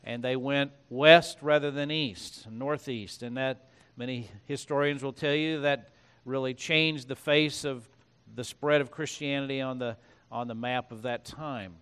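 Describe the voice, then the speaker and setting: A man's voice: mid-range voice, steady tone, unhurried, a bit bright, clean tone. A man preaching a sermon as pastor, reading scripture aloud and breaking off into conversational asides.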